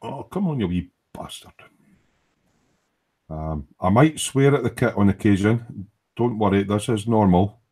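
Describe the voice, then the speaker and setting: A Scottish man with a lowish, darkish, slightly breathy voice hosts a late-night live model-making stream from his hobby workbench. He talks at a measured pace with frequent pauses, joking, swearing and muttering as he builds a kit in casual late-night chat.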